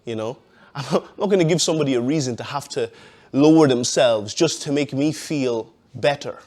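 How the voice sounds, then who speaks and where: A man's voice: mid-range voice, fairly quick, darkish tone. A man giving a personal testimony in a casual, conversational way, with many "you know"s and frequent laughs.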